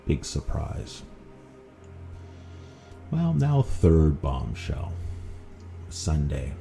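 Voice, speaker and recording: A man with a strikingly deep, gravelly voice tells a personal story in a loose, rambling way, full of fillers and restarts. His tone is very dark and low, with faint music under the talk. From Vancouver. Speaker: podcast host.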